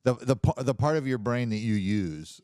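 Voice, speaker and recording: A man's voice: medium pitch, expressive, moderate pace, dark tone, clear, resonant tone, no echo, studio quality. A man co-hosting a comedy podcast, rambling with lots of restarts and chuckles. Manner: rambling, restarts often, chuckles mid-sentence. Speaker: podcast co-host. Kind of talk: casual comedic podcast banter.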